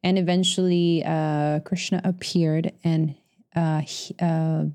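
A woman in casual group chat, recounting a trip and retelling a story in a rambling, animated way. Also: low voice, slow.

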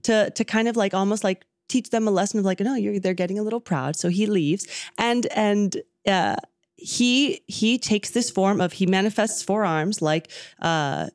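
A woman's voice: mid-range voice, measured pace, clear, resonant tone, no room sound, clean studio sound. A woman telling a devotional story casually in a group, rambling with fillers and acting out the characters' lines. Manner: rambling, animated retelling with acted quotes and fillers.

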